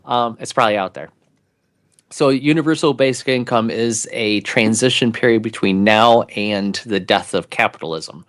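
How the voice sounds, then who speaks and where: A man's voice: on the low side, moderate pace. A man co-hosting an investing show, chatting casually and rambling through his theories. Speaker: co-host. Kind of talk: casual chat.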